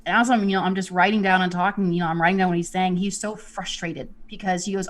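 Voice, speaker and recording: A woman's voice: lowish voice, fairly even intonation, quick pace. A woman, a psychic medium, talking casually and rambling, with many "you know"s. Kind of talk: casual spiritual talk.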